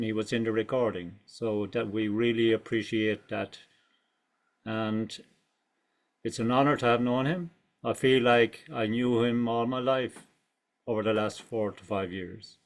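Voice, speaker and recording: A man paying tribute at an online memorial, his pitch in the middle range. He speaks in a measured, heartfelt way and stumbles now and then as he gathers his thoughts. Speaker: club member giving a tribute.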